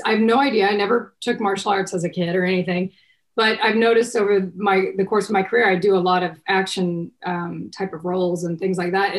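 A middle-aged woman from Texas, an actress chatting casually in an interview, rambling with many restarts and fillers. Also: medium pitch. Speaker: actress guest.

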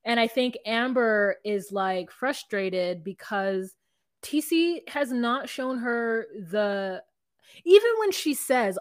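A woman with a somewhat high voice talks through a reality show episode in loose, animated chat. Her sound is dry and close, with no room around it. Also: slow pace, no echo. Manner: animated, acts out quotes of reality TV people. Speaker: podcast co-host. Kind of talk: casual recap chat.

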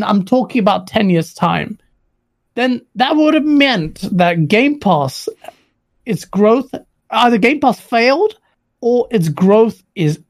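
Emphatic man from Pakistan, higher voice. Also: creaky. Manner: emphatic, opinionated. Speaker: podcast co-host. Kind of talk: casual gaming chat.

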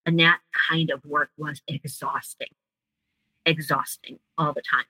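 A woman's voice: low voice, steady tone, measured pace, bright, forceful tone, husky, no echo, low-quality recording. A woman, a guest, earnestly telling a personal story in an interview.

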